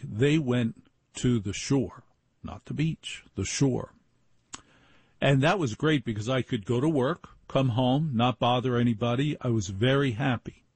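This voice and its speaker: An older man tells personal stories in a relaxed, wry way, now and then slipping into the voices of the people he quotes. His voice is gravelly and a little husky. The sound is dry and close, with no room echo. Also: mid-range voice. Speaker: show host. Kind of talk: storytelling monologue.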